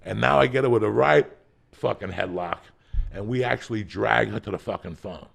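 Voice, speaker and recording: A man telling a profane comic story as a podcast guest, swinging from loud shouting bursts to low muttering. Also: moderate pace. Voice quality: gravelly.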